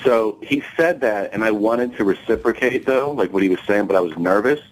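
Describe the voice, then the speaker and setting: This male guest comedian speaks a little fast in a voice on the low side, animatedly telling a profane anecdote on a talk show. He plays out the quoted dialogue and laughs mid-story, captured on a low-quality recording.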